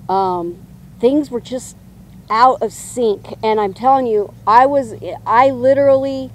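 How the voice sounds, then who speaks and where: A woman earnestly telling a personal testimony, halting with many restarts and ums. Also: a little high.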